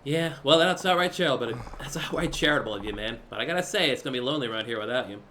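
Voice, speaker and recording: A man voicing a cocky, brash young club manager in a game, loud and upbeat. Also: medium pitch, lively intonation, very fast, a little hiss or hum.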